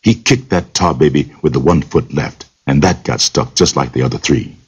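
A man's voice: very deep voice, moderate pace, slightly rough. A man telling a folktale aloud in a rhythmic, lilting oral style full of repetitions. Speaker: storyteller. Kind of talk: folktale storytelling. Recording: dull lo-fi recording.

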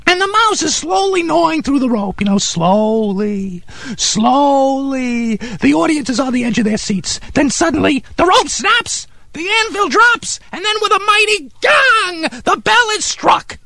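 A man playing Harry, an eccentric, pompous character in a comedy radio sketch, excitable and condescending as he gushes over bizarre music. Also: very high-pitched, brisk, creaky, hardly any pauses, breathy edge, no room sound, full character voice. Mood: enthusiastic.

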